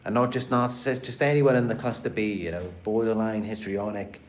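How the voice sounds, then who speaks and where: Man with a British accent, fairly low voice, rambling casual live-stream talk, repeats his words. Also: fairly even intonation, fairly quick, slight background noise. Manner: rambling, repeats words and restarts, many "you know" fillers. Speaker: host of a live stream about narcissistic abuse.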